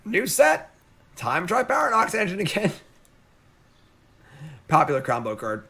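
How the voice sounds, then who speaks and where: Male streamer, excitable play-by-play commentary, lively swinging pitch, slightly high voice. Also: measured pace, gravelly. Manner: excitable, talks to the audience as "folks". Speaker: streamer playing a card game. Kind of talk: casual gameplay commentary. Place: home.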